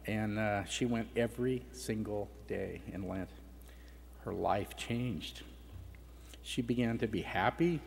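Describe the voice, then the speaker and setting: A man's voice: on the low side, measured pace, gravelly, a little mellow. A middle-aged man giving a personal testimony at a conference, telling a family story in a conversational way. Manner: conversational, acts out family dialogue. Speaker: conference speaker. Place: conference hall. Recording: reverberant hall with faint background noise.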